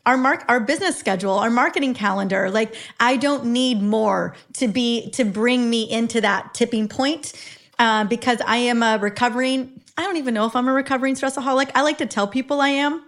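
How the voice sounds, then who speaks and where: A woman's voice: fairly high pitch, brisk, a bit bright. A woman in her forties, a health expert talking as a podcast guest, earnest and reflective, often restarting her sentences. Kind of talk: casual conversation.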